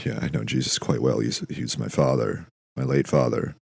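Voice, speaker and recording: A man hosting a podcast, delivering a dry, deadpan, profane comedic monologue. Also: rumbling low, normal speed, vocal fry, husky, no echo. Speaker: podcast host.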